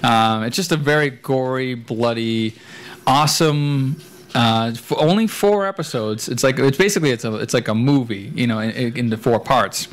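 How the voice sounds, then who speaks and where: A man's voice: medium pitch, normal speed. A man co-hosting a casual podcast, giving rambling reviews with jokey asides. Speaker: podcast co-host. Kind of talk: casual chat. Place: echoey room at home.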